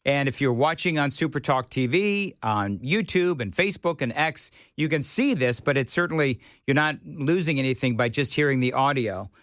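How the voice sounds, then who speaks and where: A man's voice: mid-range voice, expressive, moderate pace, hardly any pauses, a bit bright, no room sound, studio quality. A man hosting a morning talk radio show, opinionated and joking. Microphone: studio mic.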